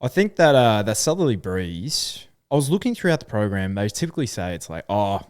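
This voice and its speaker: Here is an Australian man in casual podcast chat. His voice sits a little low but swings up and down a lot as he thinks out loud. The sound is dry and close, with no room around it. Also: brisk, clear, resonant tone, no echo. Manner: animated, thinking aloud with fillers. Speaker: podcast co-host.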